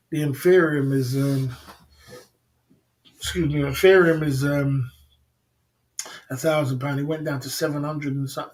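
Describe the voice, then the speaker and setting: A man hosting a casual livestream, rambling about stocks and reading chat comments, often repeating "you know what I mean". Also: on the high side. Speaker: livestream host.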